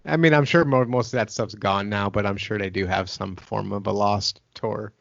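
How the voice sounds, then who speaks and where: An American man co-hosts a casual podcast in a low, gravelly voice. He talks in a laid-back, tired way, as if it is late at night. The audio is dry and slightly muffled. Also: steady tone, moderate pace, a bit bright, no echo. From United States. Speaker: podcast co-host.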